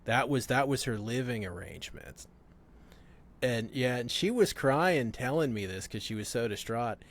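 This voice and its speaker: A man's voice: medium pitch, lively intonation, normal speed. A man in casual conversation, telling stories with frequent laughter and swearing. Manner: laughs often, profane storytelling. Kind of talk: casual chat.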